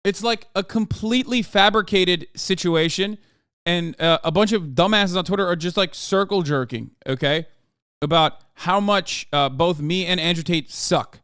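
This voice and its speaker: Profane ranting American man, high voice. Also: moderate pace, fairly bright tone, clean tone, no room sound, clean studio sound. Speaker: political commentary streamer. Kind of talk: livestream commentary.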